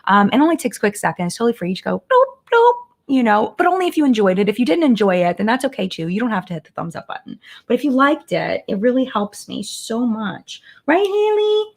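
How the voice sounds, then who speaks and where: A woman's voice: sing-song, fast, hardly any pauses. Chatty woman hosting a casual live chat. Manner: chatty, gushing, lots of "like"; rises into high sing-song baby talk with her dogs. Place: home.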